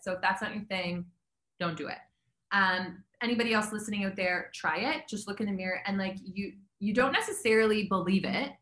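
A woman's voice: medium pitch, sharp tone, roomy sound. A woman talking as a health coach guest in a casual interview, chatty and upbeat, with many fillers.

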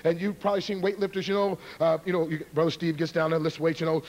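High-voiced joking evangelist man. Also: fast talker. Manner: joking, teasing, energetic. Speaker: evangelist and karate demonstrator. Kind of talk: humorous sermon introduction to a live congregation. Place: church before a live audience.

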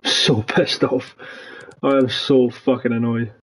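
This gaming channel host, a young man, delivers frustrated commentary on his football game, ranting, cursing often, and spiking his voice upward in anger. Otherwise his medium-pitched voice is flat, slow, fairly bright, and husky, with poor audio.

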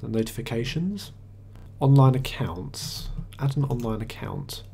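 A tech reviewer walks through a screencast software review at his desktop computer mic, speaking matter-of-factly and conversationally with occasional small hesitations. His medium-pitched voice is animated and gravelly, and a faint hiss or hum sits in the background.

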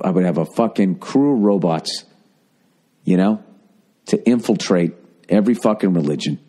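A man's voice: low-pitched, dark tone. A middle-aged man hosting a comedy podcast, ranting with lots of swearing and slipping into mocking voices. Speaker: podcast host.

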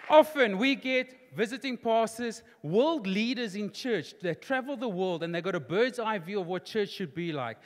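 A man preaches from the pulpit in a high, ringing voice. He repeats his key phrases and pushes harder and louder as his points build. His voice carries a long tail of reverb through a large church hall. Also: expressive, normal speed, hardly any pauses, some chatter behind. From South Africa. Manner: emphatic, repetitive, builds to near-shouting. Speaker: pastor. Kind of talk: preached sermon.

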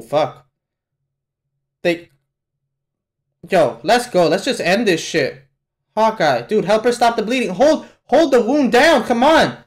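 A young man hosting a live anime reaction, swearing a lot and shouting at the screen in excitement. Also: high-pitched. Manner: profane, excitable, yells at the screen. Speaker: reaction channel host.

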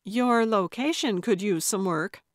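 A woman's voice: mid-range voice, measured pace, no room sound, clean studio sound, lightly acted. A woman voicing a blunt, sardonic female companion. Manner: blunt, chortling.

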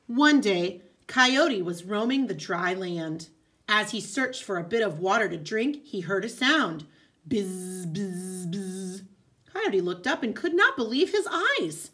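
A woman teacher reading a folk tale aloud, expressive, with casual asides. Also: mid-range voice, measured pace. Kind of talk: storybook read-aloud.

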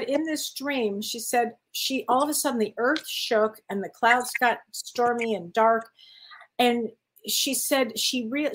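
A woman co-hosting as a spiritual medium, chatting casually, affirming and quick to laugh. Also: fairly high pitch, a little hiss or hum, poor audio. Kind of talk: casual chat.

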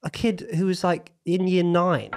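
A man's voice: high voice, fairly even intonation, a little slow, a little hiss or hum. Jokey British man hosting a podcast. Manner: jokey, swears casually. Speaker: podcast host. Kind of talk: casual chat.

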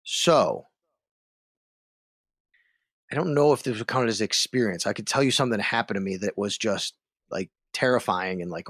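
A man's voice: lowish voice, moderate pace, long pauses, no echo, clean studio sound. A man, a sports radio host, telling a story as a podcast guest and acting out the other voices. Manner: animated, acts out the other voices in his story.

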